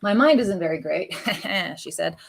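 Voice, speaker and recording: A woman's voice: on the low side, expressive, unhurried, creaky, a little hiss or hum. A woman playing a tabletop role-playing game, talking in a chatty, playful way and laughing often. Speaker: player. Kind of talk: casual chat while playing a tabletop game.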